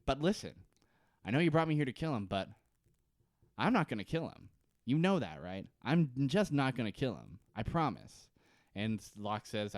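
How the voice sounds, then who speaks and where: A podcast co-host with a medium-pitched, very animated voice recaps a TV episode in rambling, casual chat, laughing often and quick to crack jokes. The studio-quality recording has no echo.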